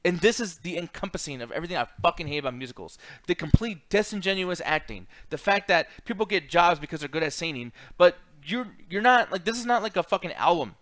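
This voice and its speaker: A man's voice: sits high, expressive, fast talker, hardly any pauses, a bit bright. A man co-hosting a casual movie review chat, ranting bluntly and with exasperation, swearing often. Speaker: podcast co-host.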